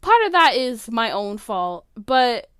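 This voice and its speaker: Speaking slowly and very animatedly, a teenage girl in her late teens chats on her own solo podcast from her bedroom. Her voice is high, smooth and clear; she rambles, leans on fillers, and lets her feelings come through. The sound is close and dry, free of room echo.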